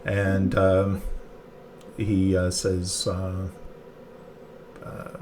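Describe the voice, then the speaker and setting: A man narrating a tabletop game as game master, halting with many fillers and restarts. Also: low-pitched, completely flat delivery, darkish tone, a little hiss or hum.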